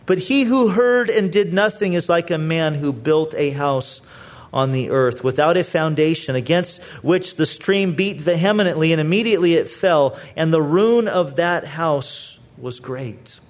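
A man's voice: fairly high pitch, measured pace. A man preaching a sermon, earnest and pleading, often repeating words as he presses his point. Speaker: pastor.

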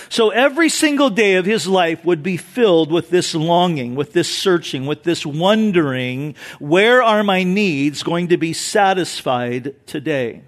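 A male pastor preaching a sermon, lively and animated, acting out voices in the story he tells. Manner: animated preaching, shifts pitch and loudness for emphasis; acts out crowd voices in quotes.

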